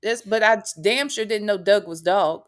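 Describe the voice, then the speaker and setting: A woman's voice: medium pitch, normal speed. A woman from the Midwest hosting a casual talk show, blunt and emphatic with frequent swearing. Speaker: podcast host. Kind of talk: casual chat.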